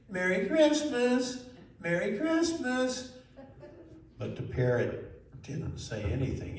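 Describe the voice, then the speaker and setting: A man telling a children's story in a lively way, asking the listeners questions. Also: medium pitch. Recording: very echoey room, mic far off, faint noise.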